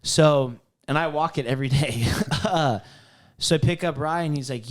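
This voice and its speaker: A man's voice: on the high side, normal speed. A man co-hosting a podcast, telling a long story in a casual, rambling way with many fillers and restarts. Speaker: podcast co-host.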